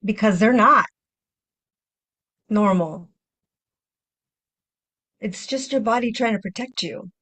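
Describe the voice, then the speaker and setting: A woman hosting a self-help podcast, speaking gently and reflectively, repeating phrases and acting out inner voices with sighs. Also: medium pitch, slow pace, pauses often. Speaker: podcast host and healing coach.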